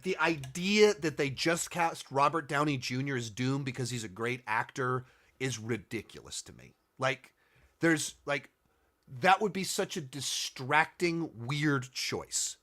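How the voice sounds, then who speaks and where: A man hosts a loose commentary video, answering viewer questions. His voice sits a little high. He thinks aloud, restarts his sentences often and turns sarcastic at times. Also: a bit bright. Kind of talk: casual commentary.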